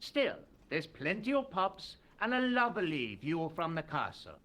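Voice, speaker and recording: An actor playing a chatty, jovial train ticket inspector. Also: male voice, a little high, big pitch swings, a little slow, sharp tone, heavily acted.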